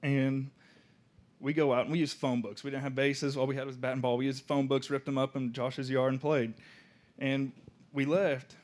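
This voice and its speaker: A man's voice: mid-range voice, little pitch movement. Young man telling his story. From Oklahoma. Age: young adult. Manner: casual, halting, soft-spoken at moments. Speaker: student speaker. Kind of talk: personal testimony storytelling.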